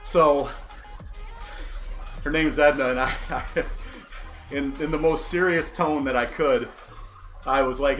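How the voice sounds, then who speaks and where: Man, forties, candid livestream ramble, self-deprecating, a bit high-pitched. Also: fairly even intonation, a little slow, pauses often, fairly bright tone. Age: 40s. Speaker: host riding an indoor bike trainer on a livestream. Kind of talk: casual rambling monologue. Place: indoor cycling setup. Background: faint background music.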